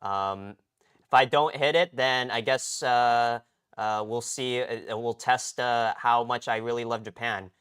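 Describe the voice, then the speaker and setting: A man's voice: mid-range voice, steady tone, unhurried, a bit bright, clean tone. A young man from the United States chatting casually on a live stream from his garage, rambling with frequent restarts and tag questions. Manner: rambling, repeats "okay?" and restarts often. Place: home garage.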